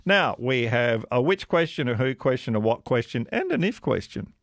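A man's voice: medium pitch, big pitch swings, moderate pace, fairly bright tone, no room sound, clean studio sound. A man hosting a radio quiz, chatting casually with callers in a self-deprecating way and laughing often. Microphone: studio microphone.

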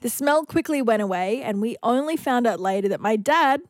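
A woman's voice: a little high, lively intonation, no echo, clean studio sound. Giggly woman co-host. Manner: giggly, quick reactions. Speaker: radio co-host. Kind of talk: breakfast radio banter. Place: radio studio. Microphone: studio microphone.

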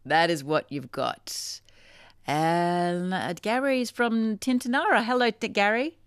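A woman's voice: medium pitch, slow pace, smooth, dry recording, studio quality. A woman with a South Australian accent hosting a radio talk show, chatting casually and reading listener messages aloud. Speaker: radio host. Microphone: studio microphone.

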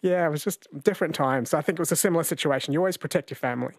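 A man's voice: on the high side, very fast, no room sound. A man of about forty, hosting a late-night radio talkback show in a chatty, storytelling way from a studio microphone. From New Zealand.

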